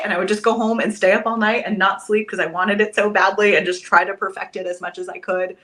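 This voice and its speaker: A young woman, a stage actress, telling a story in a relaxed interview and acting out the things she and others said. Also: medium pitch, fast talker. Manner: animated, quotes herself with lively voice shifts. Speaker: podcast guest, Broadway actress.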